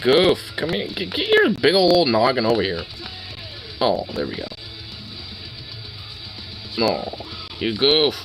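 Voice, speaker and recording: A man's voice: medium pitch, wildly swooping pitch, takes it slowly, pauses often, fairly bright tone, faint music behind, poor audio. A young man at home chatting to his dog while brushing it, teasing and playful with crude swearing. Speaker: dog owner vlogger.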